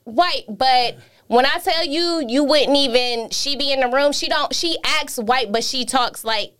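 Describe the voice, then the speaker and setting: A woman co-hosting a casual group chat, blunt and quick to jump in. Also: high voice, a bit bright, clear, resonant tone.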